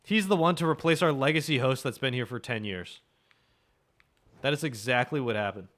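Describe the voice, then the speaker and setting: A man's voice: medium pitch, normal speed, fairly bright tone. A young man streaming a game, chatting and joking casually with his viewers, swearing freely. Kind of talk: casual live-stream chat.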